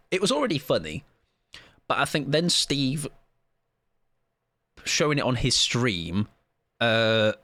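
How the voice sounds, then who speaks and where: A man's voice: a little high, fairly bright tone, no echo. A young man streaming a game live, chatting in a joking, self-mocking, rambling way.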